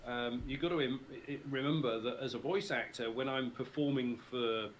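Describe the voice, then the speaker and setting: A medium-pitched male voice at moderate pace, with a little hiss or hum in the recording. The speaker, a middle-aged English voice actor with British RP, is a guest in a casual livestream interview from his mother's house, laughing and joking with ease.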